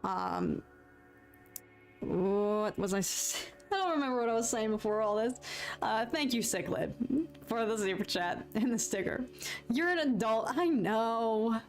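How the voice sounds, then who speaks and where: A woman's voice: a little high, measured pace, soft background music. A woman, chatting casually with her livestream viewers, laughing often and poking fun at herself. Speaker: livestream host.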